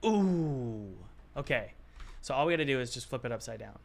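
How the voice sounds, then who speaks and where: Male game dev, mid-pitch, muttering self-talk while working, confused asides. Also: fast talker, vocal fry, a bit bright, slight background noise. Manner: muttering to himself, puzzled, self-talk with sighs. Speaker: game developer. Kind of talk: thinking aloud while working.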